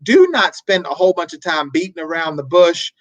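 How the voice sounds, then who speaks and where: A man hosting a marriage advice show, talking in a preacherly way, repeating words and breaking into animated asides. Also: fairly high pitch, a little fast, no echo, rough recording. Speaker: marriage talk show host.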